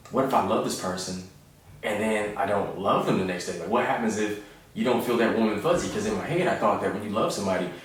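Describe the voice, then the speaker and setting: Comedian guy in his 30s just riffing, kinda low voice, super echoey room, sounds far from the mic. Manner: laid-back, joking, acts out voices in his stories. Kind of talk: casual storytelling monologue.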